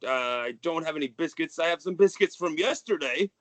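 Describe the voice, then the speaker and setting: A man's voice: on the high side, lively intonation, a little fast, a bit bright, dry recording, voice pushed up. A man voicing a merry, balding, plump older father who gushes with joy and stumbles over his welcome. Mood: gushing. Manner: effusive, flustered, gushing.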